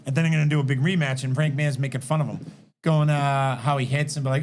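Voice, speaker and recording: A man on a casual podcast, telling stories in a lively, profane way and acting out what people said. He is recorded in a garage. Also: medium pitch, brisk, a little hiss or hum. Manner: animated, profane storytelling, acting out quotes. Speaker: podcast guest.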